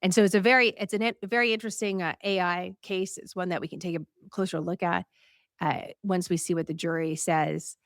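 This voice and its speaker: A woman hosting a news show, talking casually to a live audience in a chatty, animated way, laughing and asking viewers what they think. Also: lowish voice, brisk, no room sound, studio quality.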